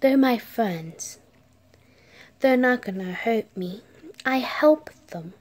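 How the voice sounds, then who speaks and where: An unsettling six-year-old girl, calm and quiet, speaking in a low, hushed voice that drifts into whispers, as a woman puts her on. She talks slowly and evenly, with an eerie stillness.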